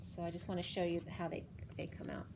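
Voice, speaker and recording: Lower-voiced woman giving a chatty card reading. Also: level tone, fast talker, background noise. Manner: chatty, laughs often, emotional asides. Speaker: spiritual card reader. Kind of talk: casual spoken card reading.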